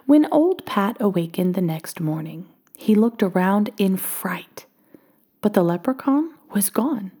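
A woman reading a children's storybook aloud, expressive and often dropping to a hush. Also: mid-range voice, a little slow, husky.

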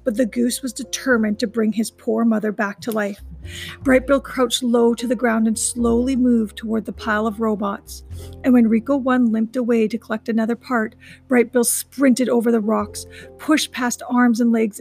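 Woman reading aloud, gravelly voice, higher pitch, faint guitar behind. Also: fairly even intonation, darkish tone. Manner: recaps chapters casually, then reads briskly. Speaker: reader of a children's novel.

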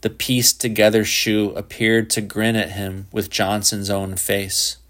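Low-voiced male audiobook narrator. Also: monotone, a little slow, fairly bright tone.

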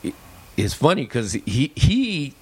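A man's voice: slow pace, slightly rough. A man in his sixties from Los Angeles, telling long personal stories in casual podcast chat. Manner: animated, acts out quotes with big pitch jumps. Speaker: podcast guest, exterminator and comedian. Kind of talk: casual storytelling.

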